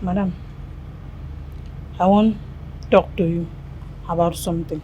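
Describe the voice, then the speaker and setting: A woman's voice: on the low side, fairly even intonation, unhurried, warm tone, lo-fi sound, a little hiss or hum, lightly acted. An actress with a Nigerian accent playing a devout, dramatic young housemaid who wails and preaches at her employer. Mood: timid. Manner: wailing outbursts, preachy, mixes in Pidgin. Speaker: maid.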